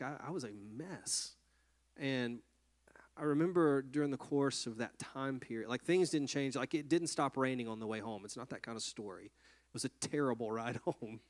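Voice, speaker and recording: A male pastor tells a personal story from the pulpit in an earnest, reflective voice. He speaks at a medium pitch, often pausing and restarting his sentences as he gathers his thoughts. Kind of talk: personal testimony sermon.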